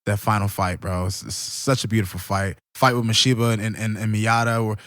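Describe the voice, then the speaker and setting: A young man co-hosting a casual anime podcast, telling stories excitedly with lots of slang and swearing. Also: on the low side, brisk, dry recording, studio quality. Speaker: podcast co-host. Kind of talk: casual chat.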